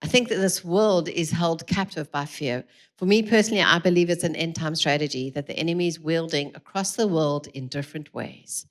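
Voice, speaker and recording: A woman's voice: deep voice, a little fast. A middle-aged woman giving an earnest, encouraging talk to a live audience at a church parenting evening, speaking into a mic through a PA. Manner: earnest, encouraging, addresses the room directly. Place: large room with a live audience.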